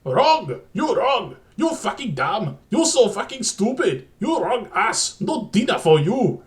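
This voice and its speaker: A man's voice: big pitch swings, takes it slowly, exaggerated voice. A man voicing an enraged male red puppet who screams insults. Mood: furious screaming. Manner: shrill, furious yelling.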